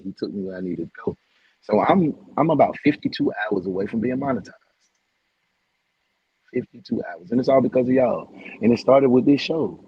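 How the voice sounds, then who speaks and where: Husky man hosting a livestream. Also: medium pitch, expressive, normal speed, pauses often, no echo, muffled recording. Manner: heartfelt, preachy, repeats phrases; hyped, shouting out viewers. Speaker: livestream host. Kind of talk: casual livestream chat.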